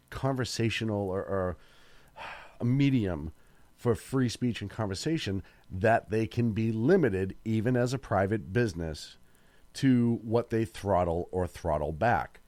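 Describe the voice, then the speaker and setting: A man with a low voice co-hosts late-night talk radio. He stumbles through fillers and restarts on his way to firm opinions, recorded close and dry. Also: darkish tone, no room sound. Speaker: radio talk show co-host. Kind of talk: casual talk radio discussion.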